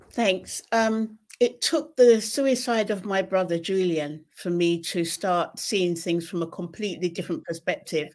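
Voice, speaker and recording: A British woman, a guest and former secondary school teacher, speaking in a measured, slightly hesitant way. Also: lowish voice, a little mellow. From United Kingdom. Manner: measured, a bit hesitant, restarts sentences. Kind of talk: interview storytelling.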